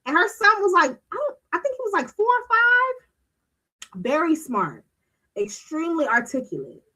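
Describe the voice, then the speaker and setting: A woman's voice: very high voice, sing-song, a little slow, pushed and bright, rough recording. A woman hosting a streaming talk show, ranting bluntly with a lot of swearing and emphatic delivery. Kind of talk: casual livestream commentary.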